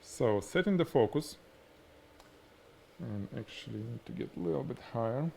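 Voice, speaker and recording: Russian-accent guy teaching photo lighting live, mid pitch, animated, demo style. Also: moderate pace, vocal fry, slight background noise. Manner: animated, explains by demonstrating, laughs at himself. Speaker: photography instructor. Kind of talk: live-stream photography lesson.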